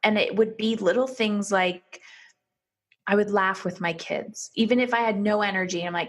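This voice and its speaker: Earnest woman, podcast guest, mid-pitched, acts out remembered dialogue. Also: steady tone, normal speed. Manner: earnest, quotes herself and others in dialogue. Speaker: podcast guest telling her story. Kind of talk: candid personal storytelling.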